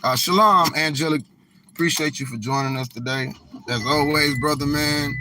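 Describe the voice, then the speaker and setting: A man hosting a live stream from a vehicle, talking to his chat in a slow, emphatic, preachy way and dragging out key words. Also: fairly high pitch, background noise. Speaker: livestream host.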